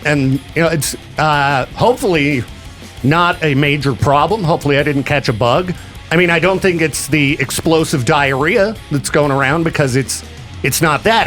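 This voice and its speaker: A man hosting a casual radio show, chatty and quick to laugh, with a sore back. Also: on the high side, a bit bright. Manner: chatty, laughs often, slips into mock voices. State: sore back after vomiting. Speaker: radio host.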